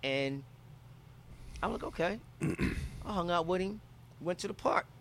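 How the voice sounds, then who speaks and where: A man's voice: sits high, lively intonation, normal speed, a bit bright, slight background noise. A man from Philadelphia telling a travel story in casual, profane talk, acting out quotes from people he met.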